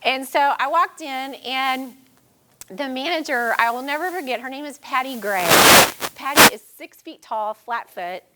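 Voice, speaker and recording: A woman's voice: sits high, normal speed, heavy background noise. A woman telling a personal story to a live audience, earnest and at times tearful. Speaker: speaker sharing her story. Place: event room with audience.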